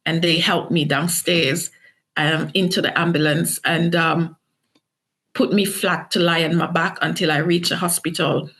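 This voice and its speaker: Her voice is low and fairly bright, with little pitch movement and a slightly slow pace. A middle-aged woman from Jamaica, she is an author giving an interview, earnestly and emotionally retelling her story with acted quotes.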